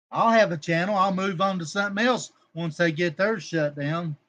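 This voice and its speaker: This livestream host is a man whose voice sits high and sounds a bit bright. His casual stream is rambling and confrontational, full of coarse language, and he calls out viewers in the chat by name.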